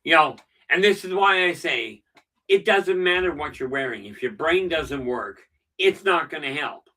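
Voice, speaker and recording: A man's voice: fairly high pitch, lively intonation, unhurried, bright, forceful tone, recorded from a distance, poor audio. A middle-aged man hosting a casual live stream, telling stories with dry jokes. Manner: chatty storyteller with dry jokes. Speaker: channel host.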